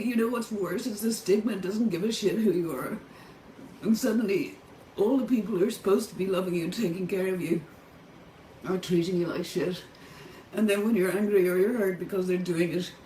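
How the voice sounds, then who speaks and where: A middle-aged Irish vlogger, tearful and distressed, delivers a raw monologue to camera from a motel room, swearing heavily and bursting into anger. Her voice is medium-pitched and mellow, and the roomy recording is far from the mic with a faint background hum.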